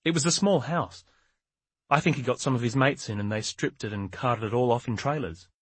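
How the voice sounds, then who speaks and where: A man's voice: mid-range voice, a little fast, slightly rough, dry recording, voice pushed up, natural voice. A man voicing a tired, defensive older woman who sticks firmly to her story. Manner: tired, evasive, growing more confident.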